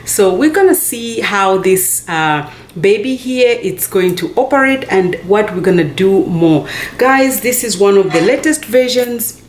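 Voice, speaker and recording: A woman with an American accent filming a casual unboxing vlog, gushing with excitement, calling her viewers "guys" and dropping to soft near-whispers as she handles the box. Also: mid-range voice, measured pace, echoey room, a little hiss or hum. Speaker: unboxing vlogger.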